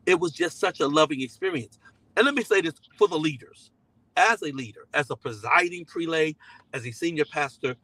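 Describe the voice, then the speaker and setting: A man's voice: on the high side, expressive, a little fast, a bit bright, no room sound, poor audio. A middle-aged man, a pastor, preaching in a conversational, emphatic way, often repeating key phrases. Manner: slips into voices when quoting people. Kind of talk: sermon-style teaching to a live online audience.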